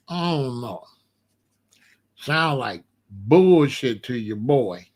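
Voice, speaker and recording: A man in his sixties giving a rambling comedic monologue as host, telling stories with animated disbelief and laughter. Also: medium pitch, measured pace. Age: 60s. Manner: animated, incredulous storytelling with laughs.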